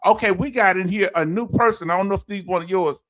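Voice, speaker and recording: Male livestream host, Southern accent, fairly high voice, laughs easily and trips over his words. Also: quick pace, a bit bright. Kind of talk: casual livestream chat, reading viewer comments.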